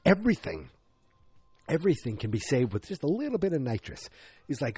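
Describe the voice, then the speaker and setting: A man's voice: on the high side, sing-song, fairly quick, pauses often, warm tone, breathy edge, no echo. A man hosting a podcast, rambling through a loose, jokey, self-mocking movie review. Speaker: podcast host. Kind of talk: casual movie review monologue.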